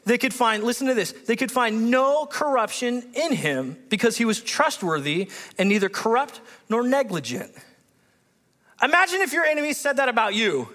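High, bright-voiced animated preacher man. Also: normal speed, in a large hall. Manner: animated, excitable, acts out biblical characters with voice shifts; reads scripture aloud with commentary. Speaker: pastor. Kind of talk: sermon.

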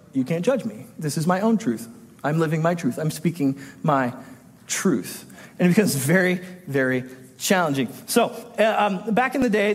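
Male pastor, conversational sermon delivery, high-pitched, long church reverb. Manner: conversational, self-interrupting, acts out quoted voices. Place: church sanctuary.

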